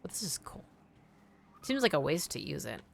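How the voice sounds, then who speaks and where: A woman's voice: low voice, big pitch swings, moderate pace, vocal fry, slight background noise. A young woman streaming a video game, chatting casually, thinking aloud and answering her chat. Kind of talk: casual gameplay commentary.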